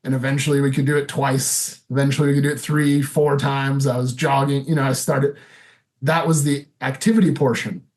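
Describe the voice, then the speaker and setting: A man's voice: mid-range voice, little pitch movement, fairly quick, darkish tone. Candid man in his thirties. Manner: candid, loose, full of fillers. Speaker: podcast guest. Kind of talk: casual interview storytelling.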